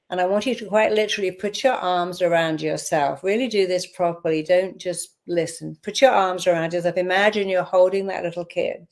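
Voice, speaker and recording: A woman leads a guided healing visualization in a low, gravelly voice. She speaks calmly and firmly, giving instructions and repeating short phrases for the listener to echo back. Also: brisk, few pauses.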